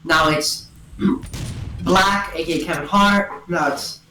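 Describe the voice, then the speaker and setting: A woman talks into a gaming headset at home, tumbling through a story in a giggly, rambling rush. Her voice sits a little low, and the sound carries a roomy echo. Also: slow pace, a little hiss or hum. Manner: excitable, giggly, full of "and then" and "like". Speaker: storyteller among friends. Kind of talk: casual rambling retelling over voice chat.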